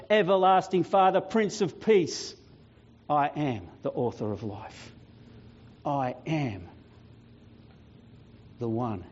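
A man's voice: medium pitch, slight background noise, lightly acted. A man voicing a solemn divine saviour answering Death. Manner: slow, solemn proclaiming with long pauses, growing quieter and weightier. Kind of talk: dramatic sermon monologue. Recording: dull lo-fi sound.

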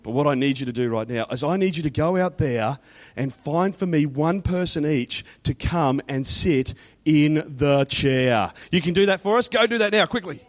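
Man, children's talk at church; high, bouncy voice, chatty and teasing with the crowd. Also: expressive, moderate pace. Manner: chatty, teasing, quizzes kids and congregation. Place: church in front of a congregation.

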